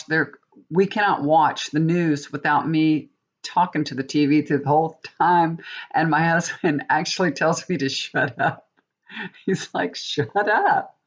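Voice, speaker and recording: Chatty indignant woman, dull lo-fi sound. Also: low voice. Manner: chatty, indignant, addresses viewers as y'all. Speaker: tarot reader. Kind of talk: casual chat to viewers.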